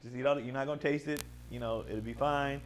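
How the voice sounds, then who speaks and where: A man hosting a podcast, telling a parenting story in casual chat. He talks fast, swears freely and bursts into loud shouts when he quotes himself. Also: mid-range voice, fairly even intonation, a little hiss or hum. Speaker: podcast host, father.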